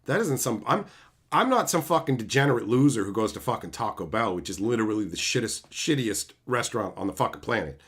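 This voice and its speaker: A man ranting profanely on a livestream while reading chat comments, swinging between loud outbursts and low mutters. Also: animated, brisk, breathy edge. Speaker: streamer reading live chat. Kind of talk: livestream rant.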